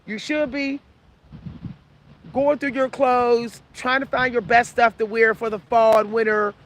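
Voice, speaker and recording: A woman's voice: a little high, flat delivery, measured pace, a little hiss or hum. A woman in her forties giving casual advice to her viewers, preachy and repeating herself for emphasis. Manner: preachy, repetitive, talks straight to the audience. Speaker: vlogger.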